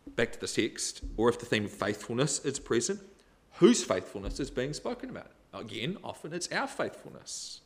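A middle-aged man preaching a sermon, expressive and emphatic, with sudden rises and drops in loudness. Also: mid-range voice.

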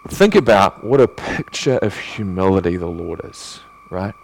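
A male pastor preaching a sermon in earnest, asking rhetorical questions and swinging between emphatic and hushed delivery. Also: low voice, expressive, unhurried, vocal fry, a little hiss or hum.

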